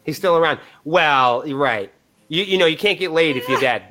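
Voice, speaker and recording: Brash, profane male storyteller with a high voice, acting out the dialogue. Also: moderate pace, sharp tone. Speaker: band member guest. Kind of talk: casual storytelling. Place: live podcast interview.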